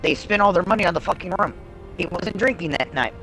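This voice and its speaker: A woman's voice: on the low side, animated, quick pace, a bit bright, soft background music, poor audio. A woman livestreamer telling a story in casual talk, blunt and heavily profane. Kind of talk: casual storytelling on a live stream.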